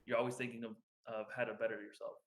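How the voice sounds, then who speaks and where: Young male podcast co-host, loose rambling chat full of ums, mid pitch. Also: level tone, fast talker. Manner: rambling, many fillers and restarts. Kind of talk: casual chat.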